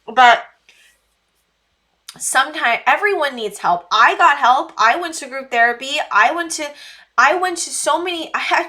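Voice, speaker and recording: A woman's voice: a little high, pushed and bright. A woman giving a casual tarot reading to camera. She speaks earnestly and pleadingly, repeating her words and using many fillers. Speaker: tarot reader.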